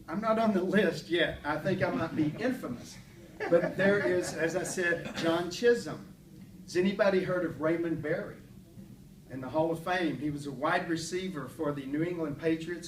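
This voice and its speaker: A man tells folksy stories about his hometown in a prepared speech, with light self-deprecating humor. His voice sits a little higher than most men's. The echoey room is picked up from a distant camera, with a faint hum behind him. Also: normal speed. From Paris, Texas. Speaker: club speaker.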